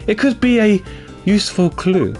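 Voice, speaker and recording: A man voicing a calm, deductive male investigator in a video game, reading his lines with quiet confidence. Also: high-pitched, normal speed, faint music behind, voice pushed up. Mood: measured. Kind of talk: reading game dialogue aloud on a stream.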